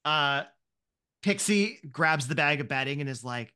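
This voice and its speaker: Male game master, fairly high voice, loose rambling narration. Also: expressive, measured pace, sharp tone, smooth. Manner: rambling, with many likes and restarts.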